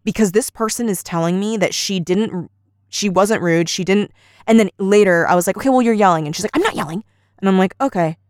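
Woman podcast co-host, mid pitch, lively storyteller, dry close sound. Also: a little fast, no room sound. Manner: animated storyteller, acts out quoted lines. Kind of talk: casual chat, retelling an argument.

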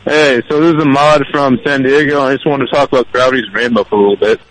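A man calling in to a radio show for the first time, eager and quick in bursts. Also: mid-range voice, steady tone, a bit bright, rough recording. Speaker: caller. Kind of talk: phone-in chat.

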